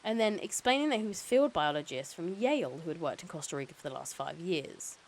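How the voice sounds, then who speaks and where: A woman's voice: deep voice, lively intonation, a little fast, low-quality recording. A woman streamer reading a novel aloud, breaking off now and then for casual, sweary asides.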